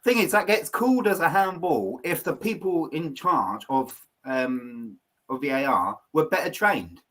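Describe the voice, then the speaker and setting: A man talks football in a heated, sweary rant. His voice sits a little higher than most men's. He hammers his points home. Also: animated, unhurried, a bit bright. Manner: ranting, sweary, emphatic. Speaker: podcast co-host. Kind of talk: heated casual football chat.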